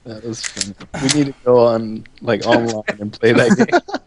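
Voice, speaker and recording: A young man co-hosting a podcast, speaking calmly and matter-of-factly in casual chat. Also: medium pitch, normal speed, noisy background. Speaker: podcast co-host.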